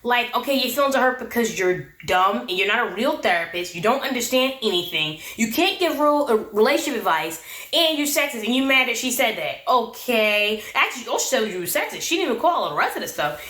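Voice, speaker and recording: A woman's voice: a little high, sing-song, fairly quick, fairly bright tone. A woman giving a casual, sassy recap of a reality show, laughing often. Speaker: recap vlogger. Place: her room. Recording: echoey room.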